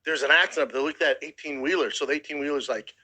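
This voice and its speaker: A man's voice: fairly high pitch, rapid-fire, rough recording. A man in his thirties telling a harrowing story in casual, profane podcast chat, close to tears at times. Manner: profane, animated retelling with acted quotes. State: emotional, near tears. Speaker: podcast host.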